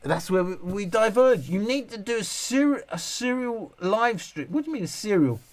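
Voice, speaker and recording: A man's voice: high voice, lively intonation, normal speed. A middle-aged man hosting a casual live stream, reading viewer comments and answering in a rambling way, full of restarts. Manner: rambling, self-interrupting, with many restarts.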